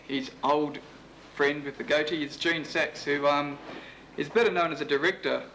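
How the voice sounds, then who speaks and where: Australian man, host asking questions, slightly high voice, faint hiss. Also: fairly even intonation, normal speed, fairly bright tone, low-quality recording. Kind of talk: interviewing a guest.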